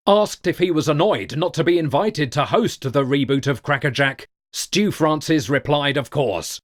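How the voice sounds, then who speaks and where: Deadpan British comedy narrator, middle-aged man, slow and dry with a lively pitch. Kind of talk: deadpan comic monologue.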